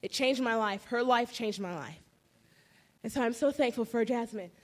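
High-voiced woman sharing her testimony. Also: normal speed. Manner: emotional, animated storytelling with many fillers. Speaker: testimony speaker. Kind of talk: personal faith testimony.

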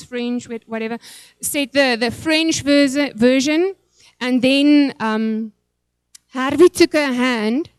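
A woman's voice: high voice, dry recording. A woman, a pastor's wife, telling an emotional, rambling church testimony. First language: Afrikaans.

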